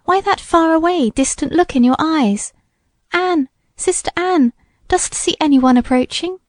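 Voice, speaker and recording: A woman voicing a lively, teasing teenage girl in a storybook reading, bubbly and sing-song. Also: extremely high pitch, measured pace, no echo, studio quality, pitched above the performer's own voice. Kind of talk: audiobook character voice.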